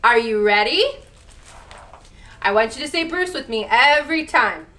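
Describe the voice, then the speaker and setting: A woman, a children's librarian, hosting a storytime with sing-song, encouraging, expressive reading. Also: a little high, normal speed.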